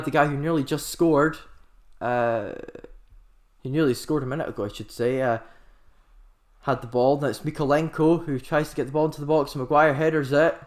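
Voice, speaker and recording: A man giving amateur live football commentary in an excitable, rambling way, often correcting himself. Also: on the high side. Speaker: host of a live football watchalong.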